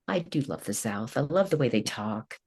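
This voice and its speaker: A woman's voice: extremely low pitch, animated, moderate pace, darkish tone, slightly rough. A woman in her sixties from Kentucky, a coach chatting as a podcast guest in a rambling, laughing way. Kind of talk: casual interview chat.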